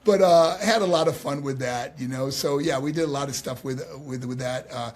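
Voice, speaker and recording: A man as a podcast guest, telling stories in a lively, casual way with many fillers and restarts. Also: mid-range voice, a little fast. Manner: animated, lots of fillers and restarts. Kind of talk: casual interview storytelling.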